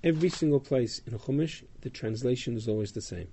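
A man's voice: medium pitch, brisk, warm tone, breathy edge. A man teaching a Torah class, explaining Hebrew verses and their translations, with frequent ums and uhs. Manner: explanatory, chanting Hebrew verses, many fillers.

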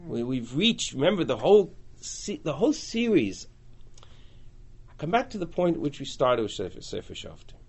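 A man with a high, very lively voice lectures to a class. He swings widely in pitch and loudness, and he acts out the lines of the people he quotes. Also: normal speed, creaky, slightly rough. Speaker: teacher. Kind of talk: lecture on a biblical book.

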